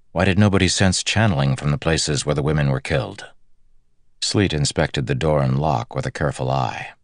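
Very deep, gravelly male narrator. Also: no room sound, clean studio sound. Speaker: audiobook narrator. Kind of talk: scripted fantasy narration.

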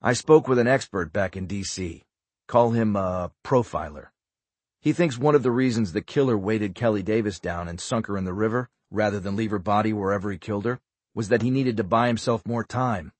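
A man voicing a guarded government agent, low, quiet and measured. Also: dry recording, close to an everyday voice. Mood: guarded calm.

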